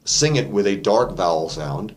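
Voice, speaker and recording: A man's voice: fairly low pitch, expressive, moderate pace. A man teaching a casual singing lesson as a vocal coach, explaining technique in a chatty way with fillers. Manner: demonstrates sung vowels and cartoon voices between explanations. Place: vocal studio.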